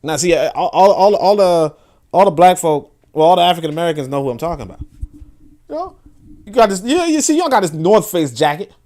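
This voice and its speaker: A man hosting a podcast speaks fairly quickly in a high-sitting voice, giving lively, profane political commentary in a casual tone. He tends to repeat words whenever he restarts a sentence.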